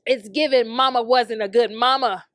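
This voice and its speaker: A woman's voice: on the high side, fairly even intonation, moderate pace, no echo, studio quality. A young adult woman hosting a podcast, delivering a heated, profanity-packed comedic rant with frequent laughter. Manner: brash, heated, swears constantly, laughs often. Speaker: podcast host.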